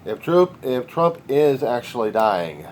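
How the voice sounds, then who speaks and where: A man's voice: medium pitch, very animated, slow pace, a little mellow, a little hiss or hum. A man talking alone in a video diary, rambling in a sardonic, wisecracking way. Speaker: video diarist. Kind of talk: rambling personal monologue.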